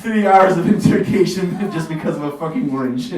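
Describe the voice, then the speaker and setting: A man's voice: a little high, brisk, a little mellow. A man doing a stand-up comedy set in a café, talking in a laid-back, swearing way with lots of fillers. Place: café stage with audience. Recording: roomy, distant, noisy room recording.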